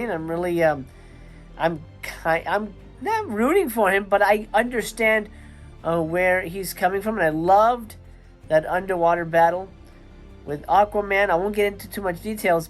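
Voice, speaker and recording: Tired, gushing male movie reviewer. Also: high voice. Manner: enthusiastic, rambling with restarts. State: tired late at night. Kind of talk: casual watch-along commentary.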